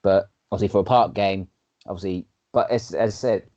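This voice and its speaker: A low-voiced man talking fast and rambling, with a slightly dull, lo-fi sound. He repeats himself as he argues his point on a podcast. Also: steady tone, mellow. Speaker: podcast co-host. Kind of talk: casual chat.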